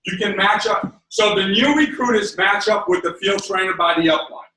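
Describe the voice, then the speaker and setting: A man giving a live sales training seminar, energetic, checking in with his audience and acting out conversations. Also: sits high, normal speed, a little hiss or hum. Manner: acts out dialogue with quoted voices. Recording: echoey room, mic far off.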